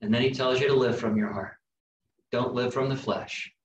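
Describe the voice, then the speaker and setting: A man preaching a sermon, slow and emphatic with dramatic pauses. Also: mid-range voice, steady tone, highs cut off, a little hiss or hum. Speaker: pastor. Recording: echoey room heard from a distance.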